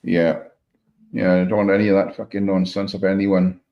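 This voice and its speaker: A man's voice: deep voice, level tone, normal speed. Matey man, dull sound. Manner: matey, swears casually, asks lots of questions. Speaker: live stream co-host. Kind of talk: casual chat.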